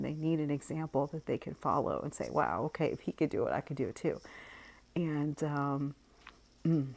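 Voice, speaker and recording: A woman with a notably deep, low-pitched voice talks straight to her viewers in a casual monologue. She is frank and unhurried, often laughing and letting sentences trail off. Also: darkish tone. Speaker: vlogger.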